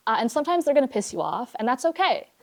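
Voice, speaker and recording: A woman's voice: high-pitched, very animated, quick pace. A woman who teaches theater, giving earnest, candid advice to students in an interview. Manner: earnest, candid, with small laughs. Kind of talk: interview answer.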